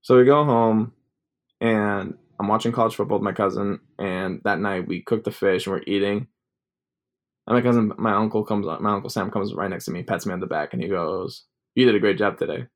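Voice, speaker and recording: A man's voice: fairly low pitch, moderate pace. A young man telling a personal story in a casual, rambling way, full of filler words. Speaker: vlogger.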